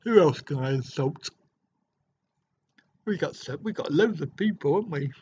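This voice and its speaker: In a little high, slightly rough and a little mellow voice, a middle-aged man livestreams from a hotel room, animatedly joking and chatting as he responds to viewers' comments at normal speed. The audio is dull and lo-fi.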